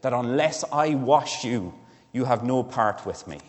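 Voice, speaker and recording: A man voicing a calm, gentle male teacher who speaks in quiet, measured words, in a church hall with long reverb. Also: medium pitch, lightly acted. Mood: reassuring.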